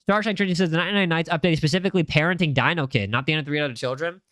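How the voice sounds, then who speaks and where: A man's voice: fairly high pitch, rapid-fire, a bit bright, dry recording. A young man live-streaming a game, chatting casually and reading viewer comments aloud with a jokey, rambling manner. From United States. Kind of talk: casual live-stream chat while gaming.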